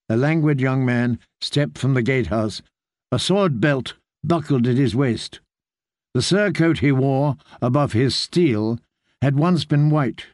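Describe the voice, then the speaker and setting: A man narrating an audiobook in a measured, steady reading voice. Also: mid-range voice, no room sound, studio quality.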